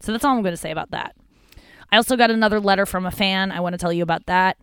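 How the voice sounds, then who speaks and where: Young woman comic hosting a podcast: rambling, crude and candid, with a smooth voice recorded dry. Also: medium pitch, rapid-fire, no echo. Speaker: podcast host. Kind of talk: casual comedic monologue.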